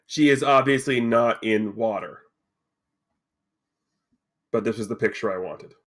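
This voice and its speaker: A man narrating a tabletop game as game master, setting scenes in a lively, casual way with asides. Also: lowish voice, a little slow.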